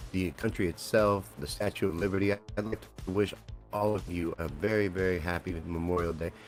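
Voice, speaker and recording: Guy live streaming memes, deep voice, swears a lot, rambles on, faint music behind. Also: darkish tone. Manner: rambling, crude, swears freely, asks viewers rhetorical questions. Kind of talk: casual comedic commentary on memes and news.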